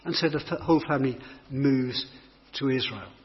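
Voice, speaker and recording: In a sermon explaining a Bible passage, a preacher with a medium-pitched voice reads scripture at a moderate pace and then thoughtfully unpacks its meaning. Long hall reverb and a dull lo-fi quality mark the recording.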